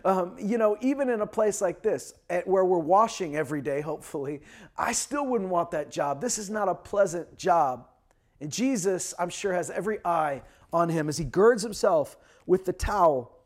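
A man's voice: sits high, lively intonation, normal speed. A man preaching a sermon from Canada, talking in a conversational way with frequent fillers and restarts. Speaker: pastor.

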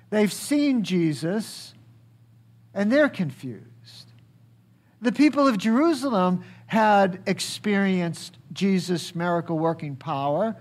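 A pastor preaches a sermon, asking the congregation questions and acting out quoted speech. For emphasis, he swings his voice high and then drops it low.

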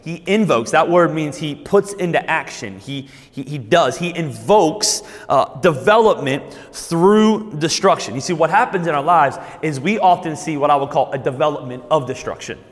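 A man preaching a sermon as pastor. He repeats and restarts words, then slows down and lifts his voice to stress key points. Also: on the high side, lively intonation, big-room sound.

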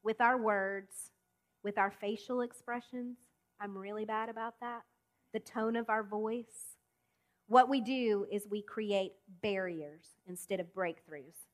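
A woman preaching a sermon, speaking emphatically with deliberate pauses and direct questions to the congregation. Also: mid-range voice, steady tone. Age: adult.

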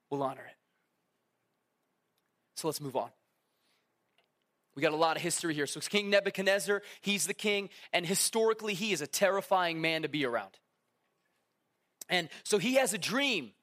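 A man with a notably high voice gives a relaxed, conversational sermon. He speaks casually and tosses in asides and questions to his listeners. He often slips into little acted-out quotes as he tells the story. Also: moderate pace, pauses often. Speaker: preacher.

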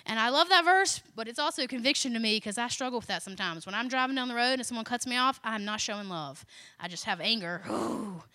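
Woman, high voice, earnest devotional talk, repeats lines for emphasis, dry close sound. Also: bright, forceful tone, no echo. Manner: informal, with asides and self-deprecating remarks. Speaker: speaker sharing a Bible message.

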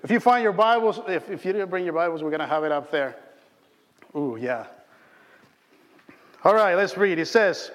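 A man's voice: high-pitched, animated, normal speed, long pauses, a bit bright, big-room sound. A man preaching a sermon in a church, telling stories in a chatty way with many fillers and restarts. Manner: conversational storytelling with frequent fillers and restarts. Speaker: pastor.

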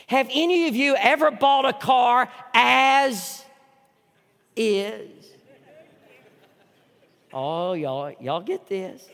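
A middle-aged male pastor with a high voice delivers a sermon, unhurried and deliberate. He drops to hushed, slow intimate passages, then rises into loud, emphatic storytelling. The sound rings with the long reverb of a large church hall. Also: expressive.

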